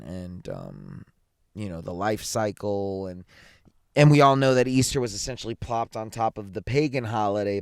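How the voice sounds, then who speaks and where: A man's voice: lowish voice, clear, resonant tone, no room sound, clean studio sound. A man filling in as podcast host and producer, talking casually and sleepily, rambling with many fillers and restarts. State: tired, yawning late at night. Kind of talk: casual solo podcast talk.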